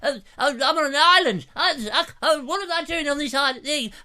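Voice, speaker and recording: Frantic squeaky comedian stuck on an island, panicky, shrill, loud. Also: male voice, normal speed, full character voice. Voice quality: very high, squeaky and yelping. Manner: flustered, panicky exclamations. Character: frantic stranded comic man, squeaky and flustered.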